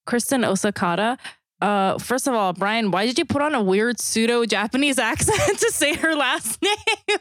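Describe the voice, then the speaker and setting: A woman's voice: on the high side, lively intonation, moderate pace, a bit bright, dry recording, studio quality. A woman co-hosting a comedy podcast in casual chat, teasing her co-host and laughing often.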